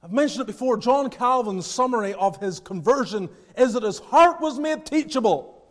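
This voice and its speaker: A man preaching a sermon as pastor, earnest, moving between hushed and fervent passages. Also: extremely high pitch, expressive, normal speed. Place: church sanctuary. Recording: church with long reverb.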